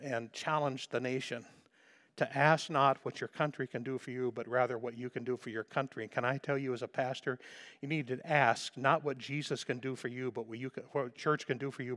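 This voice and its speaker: A man preaching a sermon as a pastor, fervent and emphatic, repeating phrases for emphasis. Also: mid-range voice.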